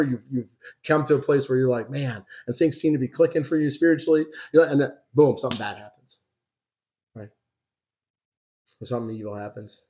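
A man's voice: mid-range voice, darkish tone. A man preaching a sermon. He reads scripture with emphasis, then tells a personal story in a loose, conversational way. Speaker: pastor.

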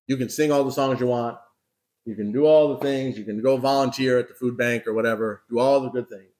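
A male pastor delivering a sermon in a conversational, direct way. He keeps asking his listeners questions and checks in with them often. He repeats key words for emphasis, at a mid-range pitch. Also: steady tone, brisk, a little mellow. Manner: conversational preaching, frequent rhetorical questions and "right?"; emphatic repetition.

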